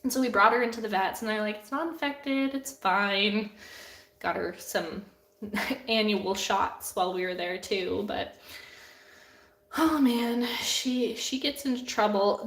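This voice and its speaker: A woman's voice: medium pitch, a little slow, fairly bright tone, echoey room. Giggly young woman chatting on stream. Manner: chatty, giggly, lots of "like" fillers. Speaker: artist hosting a live Q&A. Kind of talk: casual live-stream chat. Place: at home with her cats. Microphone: camera on a desk.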